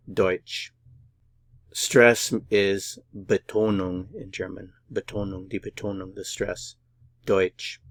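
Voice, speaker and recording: A man's voice: lowish voice, dry recording. A man teaching a beginner language lesson, patiently repeating each word several times and sounding it out syllable by syllable. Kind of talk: slow, syllable-by-syllable pronunciation lesson.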